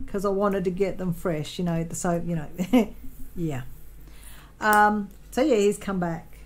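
Speaking slowly with frequent pauses, an Australian woman with a lowish voice tells a long personal story while crafting at home for her casual vlog. She rambles, says um a lot and keeps correcting herself. The audio is poor.

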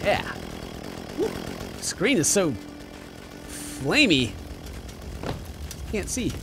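A man giving jokey, excitable let's play commentary as a gaming YouTuber, with sudden loud outbursts. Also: sits high, drawn-out words, noisy background.

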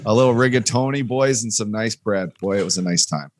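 A man's voice: on the low side, brisk, slight background noise. A man in his thirties co-hosting a sports podcast, talking with enthusiasm and stumbling over repeated words. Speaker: podcast co-host. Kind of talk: casual sports chat.

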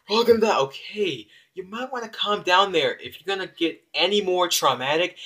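A man's voice: fairly high pitch, pushed and bright. A young man casually recapping an anime episode, rambling with fillers and acting out the characters. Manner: rambling with fillers and voiced quotes. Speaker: anime reviewer. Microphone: phone.

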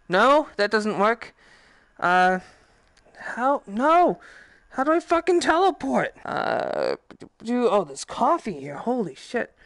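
A woman with a Boston accent giving casual, profane, excitable commentary while playing a VR game. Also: medium pitch, dry recording, clean studio sound. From Boston, USA. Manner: profane, excitable, thinking aloud. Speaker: VR game streamer. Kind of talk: casual let's-play commentary.

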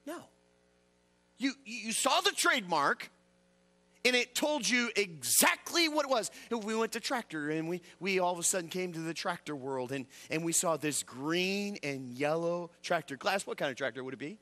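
A male evangelist delivering a revival sermon in a church, with a high, bright, forceful voice. He swings from loud high exclamations down to low quiet asides, with lively swings in pitch, and keeps calling out questions for the congregation to answer. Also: moderate pace. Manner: call-and-response with the congregation. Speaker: evangelist preacher.

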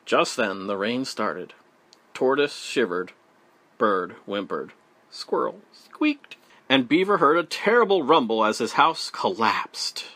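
A man reading a children's picture book aloud, with slow, expressive storytelling. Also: mid-range voice, dry recording. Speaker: storybook reader. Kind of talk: children's audiobook read-aloud.

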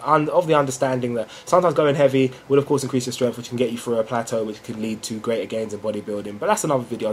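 A young man vlogging about fitness in a chatty, blunt way, going from low mumbles to loud emphatic bursts. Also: a little hiss or hum. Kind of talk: casual talk to camera.

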